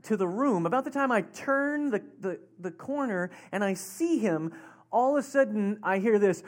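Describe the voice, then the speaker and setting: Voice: mid-range voice, lively intonation, normal speed. Pastor, sermon, easygoing storyteller with a chatty, rambling delivery. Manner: conversational, rambling storytelling with laughs.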